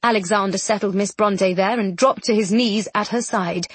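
A woman narrating a novel in an expressive, dramatic audiobook reading. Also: medium pitch, normal speed, slightly rough, dry recording.

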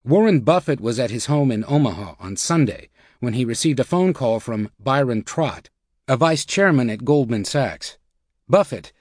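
A man's voice: medium pitch, darkish tone, dry recording, studio quality. Man narrating a nonfiction audiobook.

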